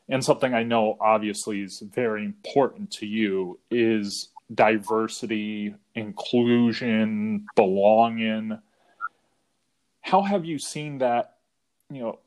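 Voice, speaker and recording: Male podcast host from the US Northeast, lower voice, easygoing and rambling. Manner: relaxed, rambling, frequent fillers. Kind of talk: casual interview chat.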